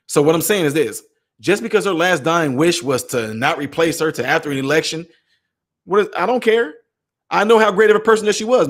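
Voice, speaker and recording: An animated male vlogger delivering a sarcastic commentary rant in a fairly high voice. He stammers and restarts often, shifting between loud and soft.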